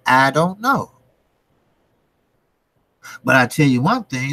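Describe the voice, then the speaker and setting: Brief: male commentary host, unhurried, blunt profane rant, dry close sound. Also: medium pitch, big pitch swings, sharp tone, no room sound. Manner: blunt, profane, repeats rhetorical questions. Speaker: boxing commentary channel host. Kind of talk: casual ranting commentary.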